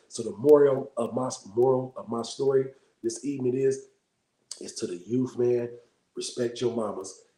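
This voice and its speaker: Bay man, fast mellow delivery, casual livestream storyteller, keeps checking in with listeners, echoey room. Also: medium pitch. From Bay Area, California. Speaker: livestream host.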